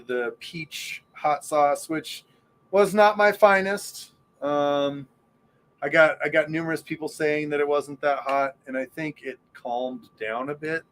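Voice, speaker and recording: A man's voice: mid-range voice, fairly bright tone. A man hosting a podcast in casual chat, rambling and enthusiastic, with lots of fillers. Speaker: podcast host.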